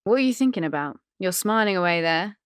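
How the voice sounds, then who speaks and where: Brief: woman doing a casual laid-back husband, lower and quiet. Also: animated, fairly quick, clean tone, dry recording, clean studio sound, natural voice. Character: easygoing husband.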